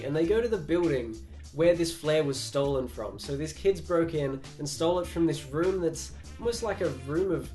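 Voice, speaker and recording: A man's voice: a little high, darkish tone. A young man recapping a comic book casually, chatty and sarcastic, acting out the characters' lines.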